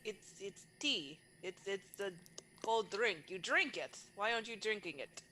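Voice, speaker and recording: A woman's voice: medium pitch, expressive, brisk, slight background noise, lightly acted. A woman voicing a blunt, impatient character with an exaggerated put-on Russian accent. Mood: incredulous. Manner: blunt, scolding.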